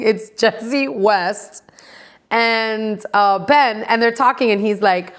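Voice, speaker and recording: A woman's voice: on the high side, takes it slowly, fairly bright tone. Swearing, gossipy woman podcast host. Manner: profane, gossipy, laughs often. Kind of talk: casual gossip chat.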